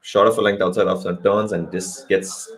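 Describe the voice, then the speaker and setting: A man's voice: deep voice, flat delivery, moderate pace, slightly rough. A man giving a live cricket commentary hangout, rambling with joking asides and correcting himself mid-sentence.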